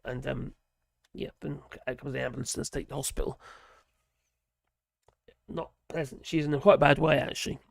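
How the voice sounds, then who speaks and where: Male streamer, hoarse and gravelly, casual rambling host who chuckles and trails off. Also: medium pitch, fairly even intonation, normal speed, long pauses, no room sound. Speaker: livestream host reading viewer chat. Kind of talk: casual live-stream chat.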